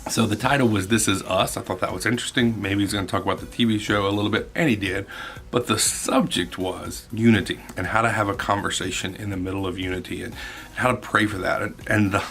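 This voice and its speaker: A man's voice: fairly low pitch, a bit bright. A man who is a youth minister, talking in a casual vlog. He reflects candidly and rambles.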